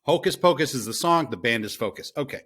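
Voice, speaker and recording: Man co-hosting with halting fillers. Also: medium pitch, expressive, fairly bright tone. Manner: halting, corrects himself, many fillers. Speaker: podcast co-host. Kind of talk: casual chat.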